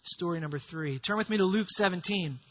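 A man preaching a sermon, telling stories dramatically and swinging from hushed lines to loud calls. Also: sits high, a little fast, breathy edge, lo-fi sound. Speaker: pastor.

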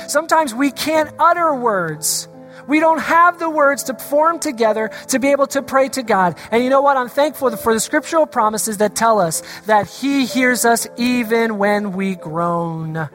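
Woman pastor, altar call, earnest and pleading, higher pitch, soft music underneath. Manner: earnest, pleading, reads scripture slowly.

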